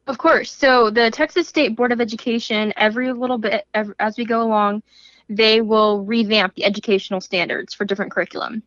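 A woman's voice: on the high side, steady tone, fairly quick, a bit bright, no echo. Woman reporter guest laying out her findings, kinda indignant, muffled dry line. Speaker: news correspondent. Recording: dry, dull remote audio.

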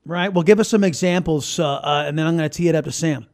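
A man hosting a political talk podcast, emphatic, slowing down to stress his points. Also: fairly high pitch, a little mellow. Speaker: podcast host.

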